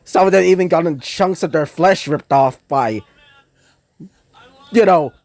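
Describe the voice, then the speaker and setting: A man's voice: a little high, unhurried, a little mellow, dry recording. A young man casually narrating a fan crossover story, rambling with frequent fillers. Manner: rambling, many fillers like "you know".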